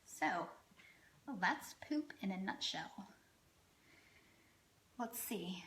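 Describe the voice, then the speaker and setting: Chatty woman health coach, bright voice. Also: medium pitch, expressive, drawn-out words, pauses often, roomy sound, a little hiss or hum, rough recording. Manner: chatty, frequent "um" fillers, self-deprecating asides. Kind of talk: casual educational talk to camera.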